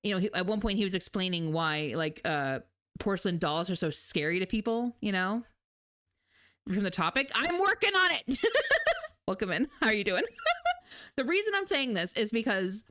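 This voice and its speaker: A woman's voice: mid-range voice, sing-song, moderate pace, pushed and bright. A young adult woman, streaming and chatting casually with her viewers, telling stories animatedly and laughing often. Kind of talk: casual chat with live chat.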